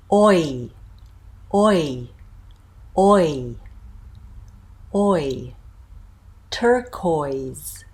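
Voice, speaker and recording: Canadian-accented female pronunciation teacher, very slow delivery, repeats each sound for drills. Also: low-pitched. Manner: demonstrates sounds by drawn-out repetition. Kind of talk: slow, clear pronunciation lesson.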